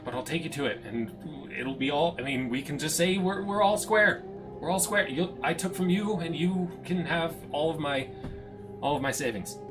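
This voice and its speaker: A man's voice: fairly high pitch, moderate pace, over music, pitched above the performer's own voice, lightly acted. A man voicing a terrified young woman thief who stammers and pleads for mercy. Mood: pleading.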